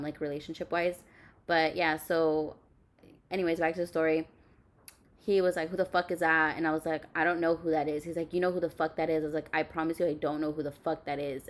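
Blunt, swearing young woman, lowish voice. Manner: blunt, heavy swearing, many fillers. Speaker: podcast host. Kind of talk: candid storytelling chat.

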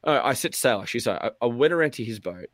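A man's voice: mid-range voice, expressive, fast talker, a bit bright, dry recording, studio quality. A young man co-hosting a podcast, telling a long story in rambling, swearing, casual chat and acting out his own thoughts. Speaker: podcast co-host.

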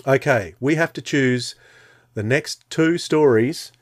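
Male co-host, middle-register voice, halting and casual. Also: mid-range voice. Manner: hesitant, many "uh" fillers. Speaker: podcast co-host. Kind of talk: casual podcast talk.

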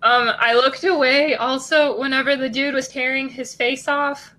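A woman co-hosting a podcast, chatting casually with slow, deadpan jokes. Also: high-pitched. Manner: slow, deadpan, jokey bravado. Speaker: podcast co-host. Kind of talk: casual chat.

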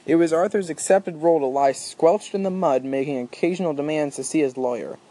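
A man reading a novel aloud in a steady storytelling manner. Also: on the high side, fairly quick. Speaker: audiobook reader. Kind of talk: audiobook narration.

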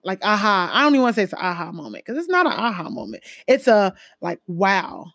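A woman from a Jamaican family talking casually about her life, full of fillers and lively emphasis. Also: mid-range voice, fast, no room sound, clean studio sound. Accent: American with Jamaican-family roots. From Caribbean, Jamaican family. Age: adult, a mother. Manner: conversational, lots of fillers, animated emphasis. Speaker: speaker sharing personal stories. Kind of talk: casual personal talk.

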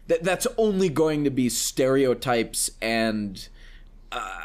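A man's voice: mid-range voice, big pitch swings, takes it slowly. A man talking on a casual podcast in an earnest, rambling way. He restarts often and circles back to his point with loose fillers. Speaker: podcast co-host, voice actor.

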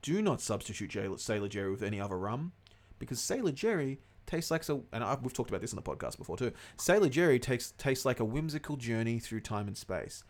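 A man's voice: medium pitch, sing-song, quick pace. A young man co-hosting a casual podcast, rambling, swearing freely and losing track of names. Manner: rambling, swears a lot, loses his words. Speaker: podcast co-host.

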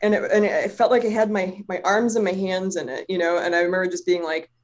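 A woman telling a personal story in casual chat, animated and swearing freely, with lots of "like" fillers. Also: on the low side, fast.

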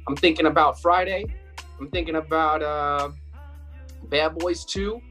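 A young man with a slightly high voice hosts a casual podcast segment. He talks in a relaxed, conversational way. Faint music sits behind him. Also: unhurried. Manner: laid-back, laughing, introduces segments. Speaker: podcast co-host. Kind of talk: casual chat.

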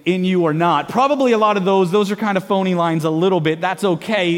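Man preaching in a reverberant church. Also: high-pitched. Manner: playful, engaging the congregation with call-and-response. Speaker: pastor. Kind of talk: sermon. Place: church sanctuary. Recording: long hall reverb of a church.

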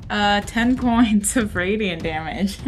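Woman player at a tabletop game, mid-pitched, slow and halting. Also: soft background music. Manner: hesitant, with frequent ums and restarts. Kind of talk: casual tabletop game chat.

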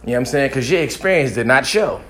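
A man's voice: medium pitch, animated, fast talker, fairly bright tone, slight background noise. A young man telling a crude, boastful comic story, profane and often laughing as he talks.

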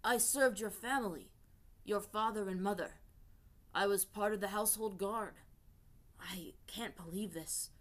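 A woman voicing a big male earthbending guard, loud and rough at first, then soft and remorseful. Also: medium pitch, measured pace, natural voice.

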